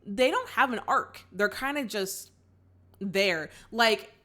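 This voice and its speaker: Bright, animated young woman recapping a movie. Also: medium pitch, slow pace. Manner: animated, acts out characters' lines, talks to viewers as y'all. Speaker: movie reaction host. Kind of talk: casual movie recap chat.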